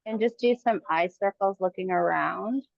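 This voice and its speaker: A woman coaching a kettlebell workout live, giving calm encouraging cues in short phrases. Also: medium pitch, moderate pace, vocal fry, no room sound, highs cut off. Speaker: fitness coach.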